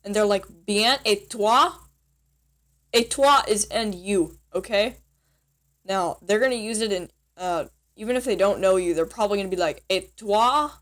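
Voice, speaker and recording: A woman's voice: medium pitch, moderate pace. A young woman chatting casually in a vlog, teaching basic French phrases in a giggly, rambling, self-deprecating way.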